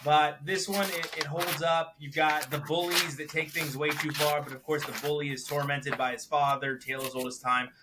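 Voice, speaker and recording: A man's voice: normal speed, few pauses, very noisy. A man co-hosting a podcast, chatting casually about movies he watched and acting out the lines he quotes. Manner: animated, acts out quotes with big jumps in pitch and volume. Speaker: podcast co-host reviewing films. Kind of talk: casual chat.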